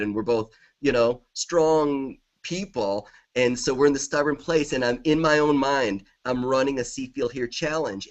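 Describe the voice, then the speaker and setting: A middle-aged man, a guest author in a conversational interview, talking with enthusiasm and repeating affirmations. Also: mid-range voice.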